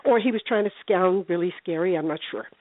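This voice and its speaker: An older woman, a paranormal investigator, telling ghost stories in a chatty, animated way during a phone interview, putting on voices for the people in them. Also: fairly low pitch, brisk, dry recording. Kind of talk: casual phone interview storytelling. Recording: tinny phone line.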